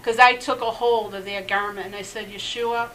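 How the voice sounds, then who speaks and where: Bright-voiced woman sharing her testimony. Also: medium pitch, steady tone, a little fast, slight background noise, low-quality recording. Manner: earnest, laughs often, many "you know" fillers. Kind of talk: personal testimony in a faith interview.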